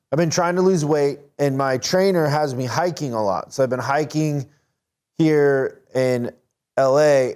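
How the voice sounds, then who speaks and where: A man hosting a casual video-call chat, telling an animated, laughing story. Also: fairly high pitch, clear, resonant tone. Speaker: host.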